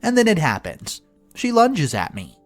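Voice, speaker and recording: A man's voice: on the high side, wildly swooping pitch, measured pace, faint music behind. A man narrating an online family-drama story in a sarcastic, wry tone.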